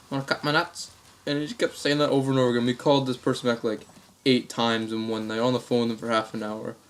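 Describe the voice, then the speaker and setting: A young man tells stories from his life to the camera in a loose, rambling way with plenty of crude slang. His voice sits at a middling pitch for a man. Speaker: vlogger. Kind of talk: casual comic storytelling.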